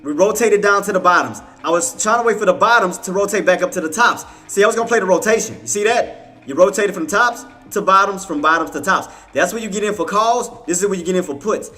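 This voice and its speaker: A bright, fairly high-voiced man talks through his trades on a live stream, venting his frustration in casual slang. He repeats himself and curses under his breath, with faint music underneath. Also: fast talker. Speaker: day trading livestream host. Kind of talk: live trading commentary.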